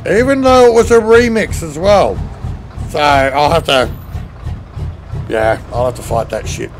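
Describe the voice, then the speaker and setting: A man's voice: a little high, takes it slowly, gravelly, soft background music. An Australian man chatting casually on a live game stream, greeting viewers by name in a chatty, flustered way and swearing freely. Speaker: truck sim live streamer. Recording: steady background noise.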